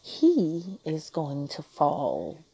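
A woman's voice: deep voice, huge pitch swings, extremely slow, warm tone, breathy edge, no echo. A woman hosting a relationship advice podcast, talking frankly and teasingly in a casual monologue.

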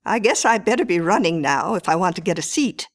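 A woman's voice: on the low side, lively intonation, a little fast. A woman voicing a timid, flustered older woman who talks hesitantly and nervously in a storybook reading.

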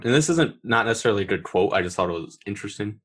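A man's voice: fairly low pitch, expressive, racing, a bit bright, husky. A man co-hosting a podcast, chatting casually about a film with loose, filler-heavy talk. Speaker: podcast co-host.

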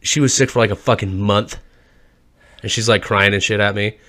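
A man's voice: on the low side, fairly even intonation, moderate pace, fairly bright tone. A man co-hosting a crude podcast, telling stories casually with heavy swearing and putting on voices for the people he quotes. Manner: profane, storytelling, mimics others in quotes. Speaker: podcast co-host.

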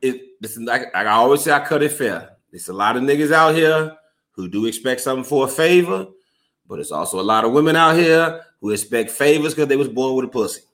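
Bright-voiced animated man riffing. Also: mid-range voice, a little fast. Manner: animated, profane, laughing often, repeats phrases. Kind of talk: casual podcast banter.

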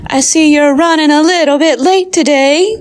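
A woman's voice: normal speed, close to an everyday voice. Woman doing chirpy nosy teacher Dina. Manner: bright, high, gasping exclamations. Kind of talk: amateur audio drama.

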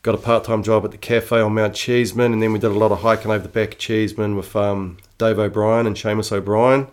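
Middle-aged New Zealand man, casual storyteller, laid-back slang, lowish voice. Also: flat delivery, quick pace. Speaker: interview guest.

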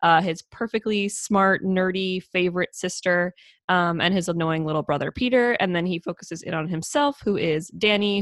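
A woman's voice: fairly low pitch, dry recording, clean studio sound. A woman in casual podcast chat, giggly and full of fillers, recounting a film's plot. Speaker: podcast co-host. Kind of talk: casual movie recap chat.

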